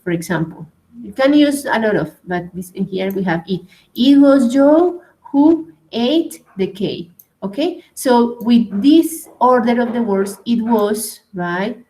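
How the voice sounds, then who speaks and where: Woman, spanish native speaker, english teacher, slow hesitant explaining, keeps asking right?. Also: medium pitch, darkish tone, poor audio. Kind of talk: online grammar class.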